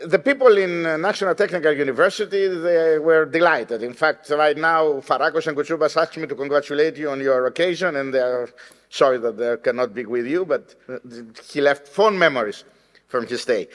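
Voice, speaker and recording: A man giving a speech of thanks for a colleague, jovial and teasing, with hesitant pauses. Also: a little high. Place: lecture hall. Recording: long hall reverb.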